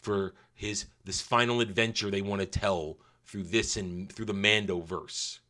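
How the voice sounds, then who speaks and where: Sarcastic, bright-voiced male reviewer. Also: lowish voice, fairly even intonation, unhurried. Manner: sarcastic and scornful, with mocking asides. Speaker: show reviewer. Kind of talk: casual opinionated review.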